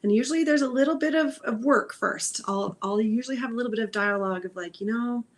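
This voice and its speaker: This intuitive healer's voice is a little high and fast as she hosts her spiritual livestream. Her soft, wandering delivery loops back on phrases meditatively, broken by frequent sighs and whispers.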